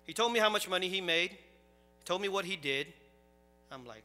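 A man preaching a sermon as pastor, swinging from quiet storytelling to loud, animated preaching. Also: high-pitched, moderate pace, pauses often, in a large hall, soft background music.

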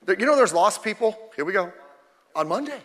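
A man preaching a fiery sermon as pastor, emphatic and rising to sudden shouts. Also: high voice, sing-song, brisk, long reverb tail. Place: church sanctuary.

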